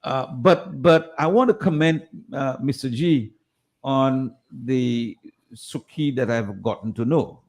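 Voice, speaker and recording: A man on a tribute committee speaking on radio, halting and full of restarts and fillers. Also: medium pitch. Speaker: committee member.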